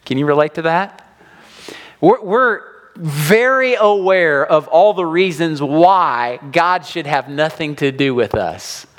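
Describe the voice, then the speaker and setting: A man preaching a sermon to his congregation, animated and acting out the voices of people he quotes. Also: a little high, slow. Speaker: pastor.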